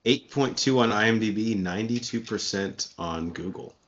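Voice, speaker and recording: A man's voice: fairly low pitch, moderate pace, fairly bright tone. A man co-hosting a podcast in casual chat, handing out movie recommendations in a wry, bossy, sarcastic way. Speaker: podcast co-host. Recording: muffled lo-fi podcast audio.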